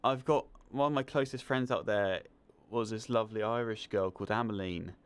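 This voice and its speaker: A young man with a Southern English accent, speaking in a low, smooth and resonant voice. He is an interview guest and tells his stories with lively enthusiasm in a relaxed, casual way. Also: normal speed. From England. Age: young adult. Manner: enthusiastic, animated storyteller. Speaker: guest, film student.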